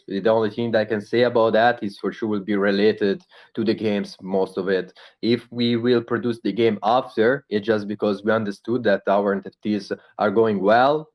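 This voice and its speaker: A man with an Italian accent, not a native English speaker, answering questions about his project in a halting way, full of pauses and fillers. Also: on the low side, lo-fi sound. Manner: halting, searching for English words, many fillers. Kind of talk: casual live Q&A talk.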